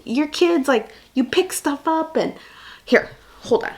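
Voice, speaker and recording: A young mother vlogs in an unscripted, rambling way and packs her talk with fillers. Her voice sits a little high and swings widely in pitch. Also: expressive, measured pace, a little mellow. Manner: rambling, chatty, many fillers. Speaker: vlogger and mother. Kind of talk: unscripted casual chat.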